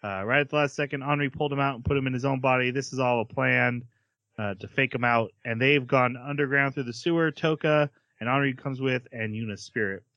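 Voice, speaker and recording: A man hosting a podcast, chatting casually as he recaps an anime episode, laughing often and quickly acting out the characters' lines. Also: mid-range voice, steady tone, fairly bright tone, no echo, highs cut off. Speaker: podcast host.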